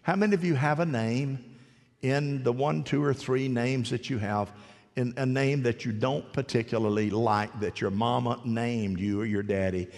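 At normal speed, a man with a medium, slightly mellow, fairly even voice delivers a sermon in a large hall, the sound carrying a long reverb. He narrates a story folksily, adds joking asides, and questions the audience.

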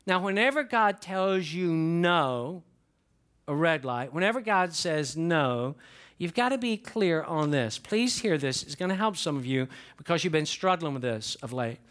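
An older man, a pastor preaching a folksy, animated sermon and asking the congregation questions. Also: fairly high pitch, measured pace.

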